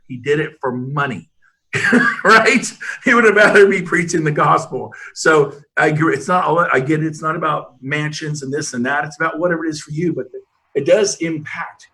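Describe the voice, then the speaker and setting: A man speaks with a bright, forceful edge, pressing every point like a rallying speech. He tells stories in an emphatic, rambling way, stumbling and restarting as he pushes on. It sounds like a video call. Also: fairly high pitch. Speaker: real estate brokerage leader, panel host. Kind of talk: motivational panel talk with storytelling.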